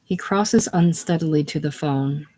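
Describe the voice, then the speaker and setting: Casual play reader doing the stage directions, slow and plain. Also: medium pitch, warm tone. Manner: plain, unhurried.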